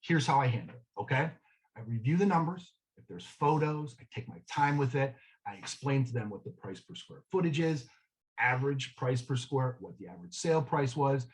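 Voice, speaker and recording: A man's voice: mid-range voice, lively intonation, moderate pace, low-quality recording. A man giving a real estate sales training talk, telling a story in a conversational way and checking in with the room often. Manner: conversational storytelling, frequent "okay?" check-ins.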